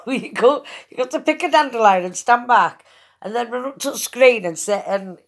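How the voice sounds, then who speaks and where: A woman's voice: a little high, animated, normal speed. A woman chatting casually to camera, giggling often, swearing freely and rambling from one thing to the next.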